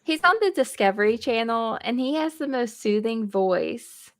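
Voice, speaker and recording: A woman's voice: on the high side, expressive, normal speed. Easygoing female podcast co-host. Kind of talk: casual chat.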